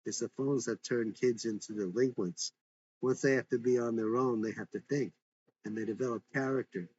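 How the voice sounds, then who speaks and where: A man's voice: mid-range voice, steady tone, normal speed, darkish tone, lightly acted. A man reading the lines of a strict father who lectures firmly, in a dull lo-fi recording. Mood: stern. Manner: firm, lecturing. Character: stern strict middle-aged father.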